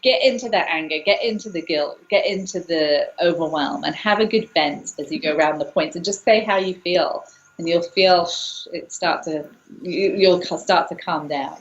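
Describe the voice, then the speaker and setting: A woman's voice: fairly low pitch, moderate pace. A woman coach, a guest on the show, explaining her technique in an earnest, explanatory way with frequent restarts. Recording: roomy, dull lo-fi call audio.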